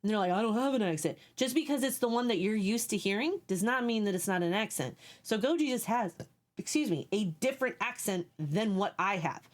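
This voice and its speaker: A woman's voice: mid-range voice, expressive, a little fast. A young woman streaming live, chatting casually with her viewers and explaining things at length while she reads their messages.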